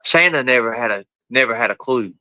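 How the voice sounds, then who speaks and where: A man chatting casually on a live stream, talking to his pets and viewers in rough, colloquial speech and swearing freely. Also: medium pitch, expressive, brisk, bright, forceful tone, no room sound, low-quality recording.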